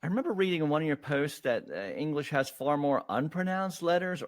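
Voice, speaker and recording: A man's voice: fairly high pitch, a little fast, dry recording. A man hosting a casual interview, chatty with plenty of fillers and easy laughter. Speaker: podcast host.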